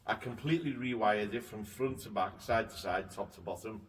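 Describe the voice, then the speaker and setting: A man's voice: lowish voice, moderate pace. A man chatting casually and telling stories about his boat, swearing now and then. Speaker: boat owner and show regular. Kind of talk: casual chat. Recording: distant mic with faint noise.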